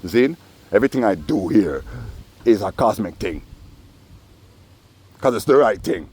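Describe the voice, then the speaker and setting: A man's voice: lowish voice, expressive, measured pace, a little mellow, slightly rough. A man telling profane, rambling stories full of asides in a personal vlog. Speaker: vlogger.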